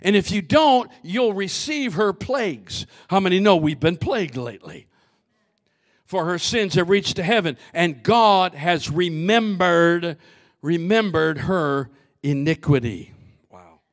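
A man preaching a sermon as pastor, swinging from shouted lines to hushed asides, often repeating and restarting his words. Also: high-pitched, lively intonation, unhurried.

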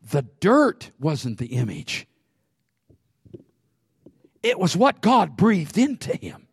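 A man's voice: high voice, slow pace, gravelly, husky. A man preaching a sermon, telling funny stories with frequent laughs and calling out to the congregation. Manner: animated, laughs often, calls out to the congregation. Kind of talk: sermon with humorous storytelling.

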